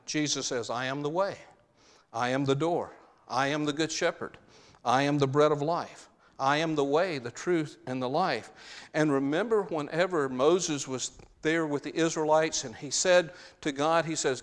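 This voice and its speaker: A man's voice: a little high, moderate pace, long reverb tail. A man preaching a sermon, stressing key phrases by repeating them.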